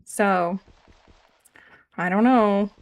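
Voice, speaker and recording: A woman's voice: medium pitch, drawn-out words. Chatty Canadian woman streaming a game. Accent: regional Canadian. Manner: rambling, self-deprecating, answers chat. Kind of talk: casual live-stream chat while gaming.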